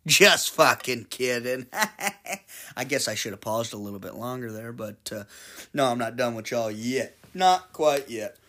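Casting: man in his twenties, podcast host, solo rambling monologue, profane and jokey, mid-pitched voice. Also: lively intonation, measured pace. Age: 20s. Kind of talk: casual monologue.

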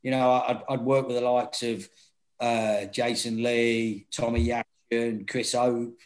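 Speaking at a measured pace over a low-quality recording, this man's voice sits in the mid range. He's a former football manager swapping stories casually, cursing and animatedly performing the lines he quotes.

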